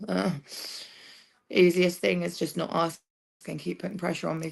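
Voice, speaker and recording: A woman's voice: lowish voice, fairly quick, gravelly, long pauses, breathy edge. A woman livestreaming a rambling personal monologue, sardonic and swearing freely as she jumps between topics.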